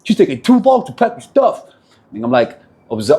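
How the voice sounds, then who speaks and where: A man's voice: fairly high pitch, wildly swooping pitch, normal speed, mellow. A man giving a casual motivational talk on meditation and reacting, blunt and profane, repeating phrases for emphasis. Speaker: self-help speaker.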